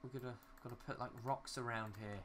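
Speaking a little fast with fairly even intonation, a young man with a medium, fairly bright voice comments as he builds in a city game. The gaming YouTuber rambles to himself and swears mildly at glitches, with slight background noise.

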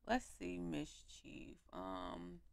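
A young woman giving animated, slangy commentary while playing a life-sim game on her home mic. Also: lowish voice, very slow, vocal fry, dry recording. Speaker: gaming YouTuber. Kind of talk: let's play commentary.

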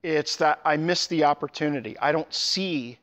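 A middle-aged man, a pastor telling a personal story in a sermon, with sudden lively jumps in his voice. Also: moderate pace. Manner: storytelling with animated pitch jumps.

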